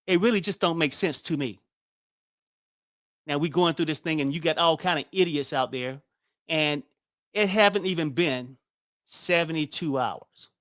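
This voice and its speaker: A man's voice: a little high, a bit bright, no echo, studio quality. A man hosting a casual political commentary show, blunt and exasperated, swearing freely.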